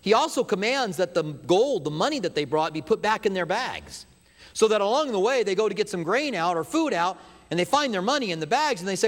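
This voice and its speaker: High-voiced pastor preaching in a reverberant hall. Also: male voice, a little fast. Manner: animated storyteller, drops to hushed emphasis. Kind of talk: sermon.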